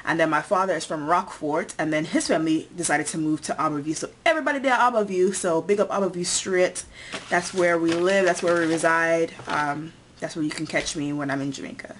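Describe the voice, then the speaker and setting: A woman's voice: low voice, brisk, a little hiss or hum. A young woman born in the United States, chatting casually in a tag video and listing things one by one with many fillers. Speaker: vlogger.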